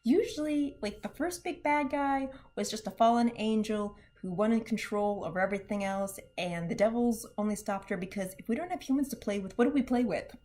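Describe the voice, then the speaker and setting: A young woman casually reviewing a cartoon show, chatty and animated, often laughing and slipping into quick impressions of characters. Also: mid-range voice.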